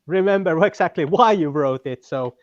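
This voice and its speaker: A man with a Finnish accent talking as a guest in casual chat, pausing often with fillers and restarts. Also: on the high side, dry recording, dull audio. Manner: halting, many fillers and restarts.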